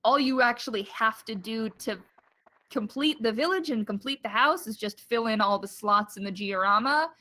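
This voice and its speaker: A woman's voice: on the high side, normal speed, pushed and bright. A young woman casually explaining game mechanics while playing, with filler words and offhand swearing. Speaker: let's play player. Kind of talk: casual gameplay commentary.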